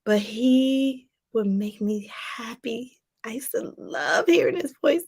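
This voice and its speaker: A woman's voice: a little high, slow pace, gravelly, a little mellow, husky. A woman from Washington, D.C., giving a motivational talk as a life coach, emphatic and repeating her points straight to viewers.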